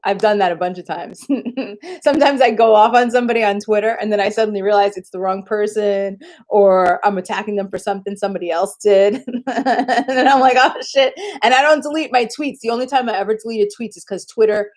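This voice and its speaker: A woman with a mid-range voice chats casually on a live stream at a brisk pace. She tells rambling, animated stories packed with swearing and laughs often.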